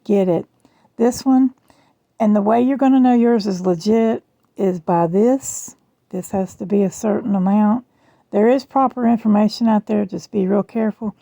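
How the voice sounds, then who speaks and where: Middle-aged Southern woman, talkative and self-mocking, strained rough voice, dry sound. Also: medium pitch, normal speed, dark tone, dry recording. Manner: chatty, rambling, self-deprecating. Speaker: jewelry vlogger. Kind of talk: casual chat. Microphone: phone camera.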